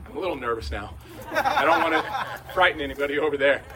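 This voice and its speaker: A man preaching a conversational sermon in a large room, going from hushed to shouting. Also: on the high side, wildly swooping pitch, brisk, recorded from a distance, a crowd in the background, noisy background. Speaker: pastor.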